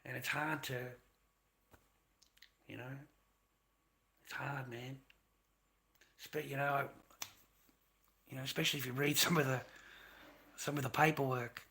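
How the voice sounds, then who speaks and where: A man's voice: mid-range voice, steady tone, a little slow, creaky, long pauses, sharp tone. A man hosting his own livestream, rambling and swearing as he vents his frustrations in an unscripted rant. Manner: rambling, profane, venting frustration. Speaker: livestream host.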